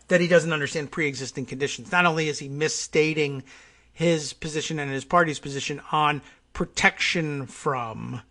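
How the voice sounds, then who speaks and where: A man hosting a political talk show, giving a sardonic, halting monologue of commentary. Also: a little high, a bit bright.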